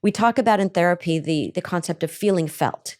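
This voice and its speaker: A middle-aged woman therapist answering questions on a podcast, animated and acting out the voices she quotes. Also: fairly low pitch, a little fast.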